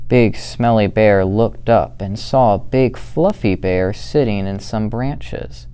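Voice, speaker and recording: A young man reads a children's story aloud at a very slow, careful pace. His lowish voice is smooth and resonant, with a warm, mellow tone. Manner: slow, steady, gentle reading. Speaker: student volunteer reader.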